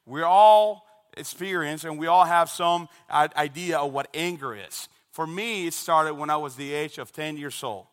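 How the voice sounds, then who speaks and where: Brief: Dominican-accented male preacher, slightly high voice, lively storyteller, booming hall reverb. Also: moderate pace, smooth. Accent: Dominican Spanish. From Dominican Republic. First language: Spanish. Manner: animated storytelling with shouted imitations. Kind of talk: sermon. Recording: long reverb of a large hall.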